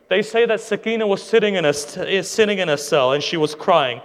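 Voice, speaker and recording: A man with a high voice delivers an impassioned sermon and tells a story with drama. His words ring out through a large hall with a long reverb trailing each phrase. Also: expressive, brisk, hardly any pauses. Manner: impassioned storytelling, dramatic retelling with quoted speech. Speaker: preacher. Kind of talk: Muharram majlis sermon.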